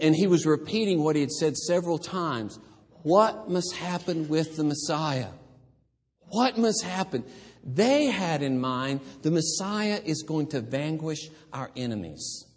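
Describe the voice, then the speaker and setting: Slow-speaking pastor in a reverberant church. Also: male voice, on the high side, a little mellow. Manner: conversational then building to emphatic preaching. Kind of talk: sermon.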